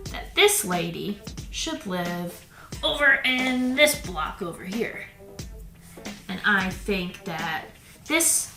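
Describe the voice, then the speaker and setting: A young woman hosting a children's toy-play video, talking to the viewer in a playful, gentle way at home. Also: on the high side. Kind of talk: toy play demonstration for kids. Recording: roomy with background music.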